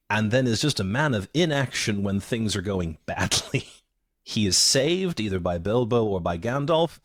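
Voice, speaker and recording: A man co-hosting a casual movie podcast, speaking in a measured way with wry humor. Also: fairly low pitch, no room sound, studio quality. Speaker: podcast co-host.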